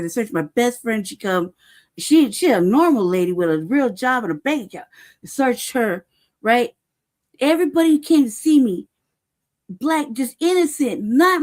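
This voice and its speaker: A woman angrily recounting events in casual, profane chat, stressing each point and often tagging "right?". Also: on the high side. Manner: heated, profane, emphatic; peppers talk with "right?" and "cuz". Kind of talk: casual storytelling.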